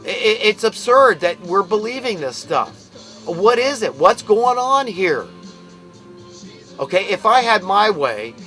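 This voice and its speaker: An American man with a high, bright voice delivers an impassioned monologue. He talks in an emphatic, preachy way and rants, while faint music plays underneath. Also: low-quality recording. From United States. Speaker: commentator.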